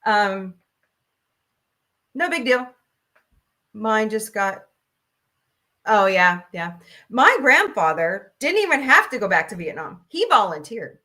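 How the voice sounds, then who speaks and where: A woman's voice: mid-range voice, very animated, slow, long pauses, pushed and bright. A woman in her forties hosting a casual talk stream, ranting bluntly and profanely, laughing often. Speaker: host.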